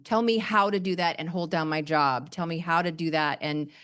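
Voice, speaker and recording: A middle-aged woman giving a sermon in a gentle, plainspoken, reassuring way. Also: low voice, fairly even intonation, normal speed, clear, resonant tone. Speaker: pastor.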